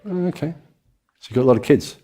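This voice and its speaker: A British man voicing a puzzled, polite male party guest who backs off quickly. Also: on the high side, expressive, mellow, a little hiss or hum, voice pushed up, natural voice. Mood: awkward.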